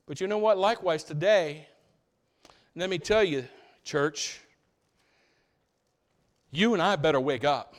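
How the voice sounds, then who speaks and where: A man preaching a sermon to his church, swinging between loud emphatic lines and hushed low passages, often asking the congregation rhetorical questions. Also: unhurried, long pauses. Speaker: pastor.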